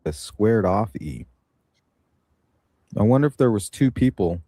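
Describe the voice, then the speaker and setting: A man's voice: fairly low pitch, lively intonation, measured pace, warm tone, husky, no room sound, clean studio sound. A man chatting casually on a stream, musing and tentative as he thinks aloud. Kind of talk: casual analytical chat.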